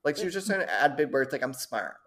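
Woman, casual co-host, reads horror stories aloud, quick to laugh, stumbles over long words. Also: low voice, lively intonation.

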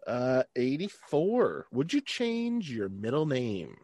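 A man hosting a podcast interview, upbeat and quick to chuckle as he works through numbered questions. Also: mid-range voice, a little mellow, slight background noise. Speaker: podcast host. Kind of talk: casual interview.

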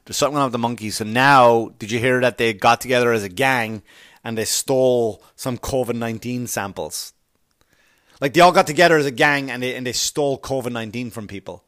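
Profane rambling male podcast host. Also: medium pitch. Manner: profane, rambling, sarcastic, with bursts of loud exasperation. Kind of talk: casual comedic storytelling.

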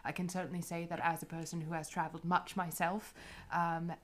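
A woman's voice: fairly low pitch, level tone, brisk, fairly bright tone, close to an everyday voice. A woman voicing a formal, courteous adventurer who bargains with ornate, hesitant politeness. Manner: flowery, overly polite speech with many hesitations.

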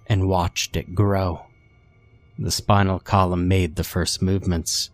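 A man calmly reading a horror story as its narrator, in a measured, steady delivery. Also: sits low.

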